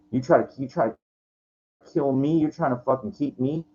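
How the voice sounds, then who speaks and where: A man's voice: medium pitch, moderate pace, warm tone. A man in his forties ranting profanely into his own vlog, rambling with many restarts and frustrated asides. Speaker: vlogger. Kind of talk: frustrated personal rant to camera. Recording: lo-fi with faint background noise.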